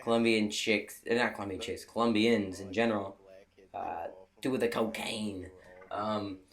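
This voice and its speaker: Young adult male video creator with a lowish voice; casual, rambling storyteller with lots of fillers. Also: steady tone, normal speed. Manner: rambling, many fillers and restarts; laughs at his own stories.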